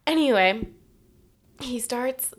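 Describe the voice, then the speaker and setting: A woman's voice: a little high, lively intonation, takes it slowly. A woman in her twenties from California, a podcast co-host telling a personal story in casual chat, candid and profane, often laughing mid-sentence.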